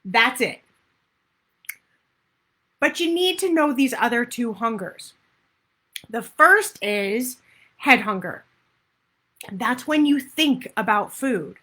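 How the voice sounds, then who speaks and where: A woman coach talks to her live viewers through a computer webcam, chatty and friendly, and greets people by name. Her voice is bright and sits a bit high. A throat tickle keeps her coughing. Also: lively intonation, measured pace, long pauses. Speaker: weight loss coach. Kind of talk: live-streamed coaching talk.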